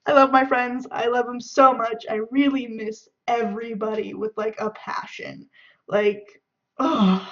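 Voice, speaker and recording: A young woman from the Bay Area of California, chatting and giggling as she answers questions in a casual video. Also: a little high. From San Francisco Bay Area, California. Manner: chatty and giggly, acts out friends' shouting. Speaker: vlogger. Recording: dull lo-fi sound.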